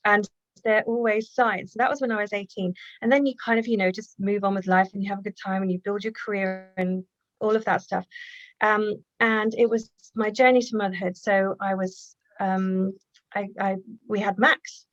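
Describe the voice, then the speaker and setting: Woman guest, reflective storyteller, muffled dry video-call sound, halting and earnest. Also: mid-range voice, steady tone, dry recording. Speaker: guest, healer and author. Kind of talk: personal storytelling in conversation.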